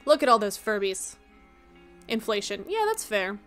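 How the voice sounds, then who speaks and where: A woman's voice: mid-range voice, very animated, moderate pace, a bit bright, faint music behind. A woman streaming a game who chats casually to her viewers, rambling and joking at her own expense, sounding tired. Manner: rambling, joking and self-mocking. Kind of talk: casual live-stream chat.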